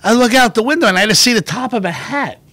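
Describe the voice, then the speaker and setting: A middle-aged man hosting a livestream, telling stories in an animated, laughing way. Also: very high-pitched, fast. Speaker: show host. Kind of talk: casual storytelling on a livestream.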